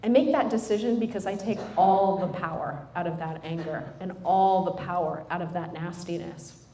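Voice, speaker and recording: A middle-aged woman giving a humorous motivational talk to a live audience, animated and joking as she speaks straight to the listeners. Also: on the low side, normal speed. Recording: roomy hall sound with faint noise.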